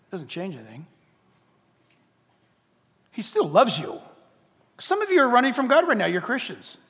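Animated older man preaching, high voice. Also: normal speed, pauses often. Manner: animated, swings from hushed to shouting. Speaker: pastor. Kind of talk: sermon. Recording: long hall reverb.

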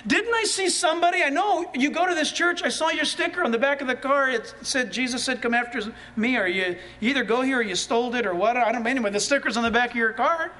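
A man preaching a sermon, animated and full of rhetorical questions that rise toward shouts. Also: very high voice, quick pace, hardly any pauses. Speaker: pastor.

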